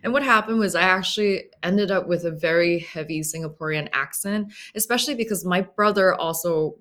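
A woman's voice: fairly low pitch, a little fast, fairly bright tone. A woman from Hong Kong with a slightly American accent, answering interview questions reflectively and often rephrasing mid-thought. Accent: American-tinged English. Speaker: guest author.

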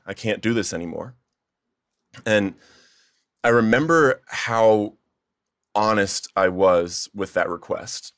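A young man shares his recovery testimony earnestly and emotionally, his voice rising almost to a shout when he retells his pleas. The voice is fairly low, recorded at studio quality with no room sound.

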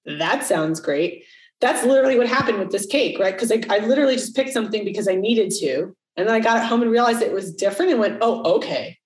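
A woman's voice: fairly high pitch, very fast, few pauses. A middle-aged woman talks frankly on a podcast, dropping curse words. Her voice sounds roomy and a little distant from the mic. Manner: candid, swears freely, acts out quoted voices. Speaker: podcast co-host. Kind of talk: casual podcast chat.

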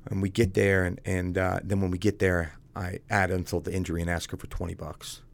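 Low gravelly guy telling his story on a podcast, blunt, says dude a lot. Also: flat delivery, fairly quick. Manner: blunt, conversational, calls the host "dude". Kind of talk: casual candid storytelling.

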